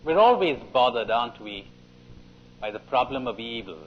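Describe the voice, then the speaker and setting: Animated male storyteller, dull cassette. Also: mid-range voice, moderate pace. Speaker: speaker at a retreat conference. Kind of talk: spiritual talk with storytelling. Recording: dull, faintly hissy 1980s cassette tape.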